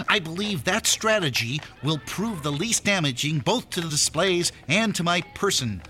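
A man's voice: on the high side, lively intonation, a little slow, bright, forceful tone, slight background noise. An actor playing a fussy, pompous young man who talks in long formal words and stammers when caught off guard. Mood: flustered. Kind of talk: radio drama acting.

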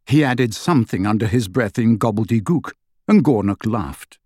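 An audiobook narrator reading a fantasy novel aloud with expressive storytelling. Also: medium pitch, normal speed, no room sound, studio quality. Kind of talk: scripted narration.

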